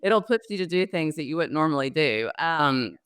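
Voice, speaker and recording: Speaking at normal speed, a middle-aged woman with a Southern American accent has a deep, expressive, fairly bright and clean voice, recorded at studio quality with no echo. As an interview guest and loan officer, she chats through her career story, laughing easily and often saying um.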